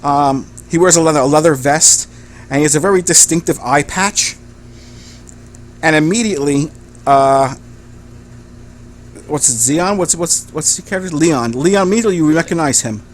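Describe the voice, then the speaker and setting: A man's voice: on the high side, slight background noise. A man narrating as game master of a tabletop game, describing scenes with frequent restarts. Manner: rambling, halting description with restarts.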